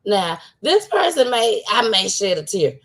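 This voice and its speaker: A woman's voice: medium pitch, big pitch swings, measured pace, fairly bright tone. Tearful woman hosting a livestream. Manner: emotional, heartfelt, laughs often. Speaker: livestream show host. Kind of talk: casual livestream chat.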